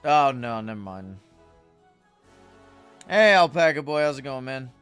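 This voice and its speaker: A man's voice: mid-range voice, very animated, a little slow, a bit bright, clear, resonant tone, soft background music. A man chatting casually with viewers while livestreaming a game, rambling and greeting chat. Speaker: streamer.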